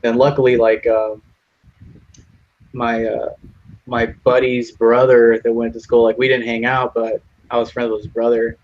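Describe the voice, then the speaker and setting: A man's voice: mid-range voice, little pitch movement, normal speed, a little mellow, dull audio. A young man telling a long profane story in casual voice chat, jumping into other people's voices for the quotes. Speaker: lobby chat regular.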